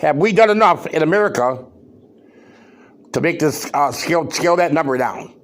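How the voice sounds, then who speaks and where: This podcast host's voice is a little high and expressive, moving at normal speed. He delivers a loud, worked-up rant full of emphatic points and rhetorical questions.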